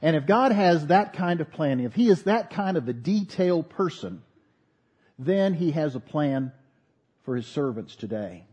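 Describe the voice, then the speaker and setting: A pastor preaching a sermon, earnest with folksy asides. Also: male voice, a little high, sing-song, normal speed, a little mellow, breathy edge, muffled recording.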